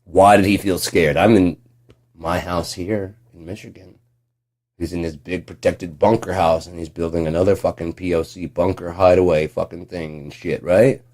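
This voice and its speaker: A man ranting at home in a vlog, swearing constantly and yelling in bursts. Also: deep voice, steady tone, moderate pace. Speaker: vlogger. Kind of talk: profane political rant.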